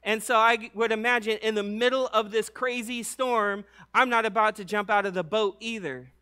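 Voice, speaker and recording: Male preacher, high bright voice, laid-back slangy delivery with lively storytelling. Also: moderate pace, clear, resonant tone. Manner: slangy and conversational, many "like"s; animated storytelling with acted-out voices. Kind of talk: casual sermon.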